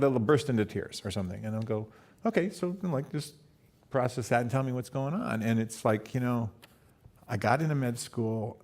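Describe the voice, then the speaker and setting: An older man, a university lecturer, telling relaxed stories at a live event and quoting his students. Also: medium pitch, gravelly. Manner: easygoing, many fillers and restarts, quoting students. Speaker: Stanford lecturer and co-author. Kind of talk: storytelling at a live talk.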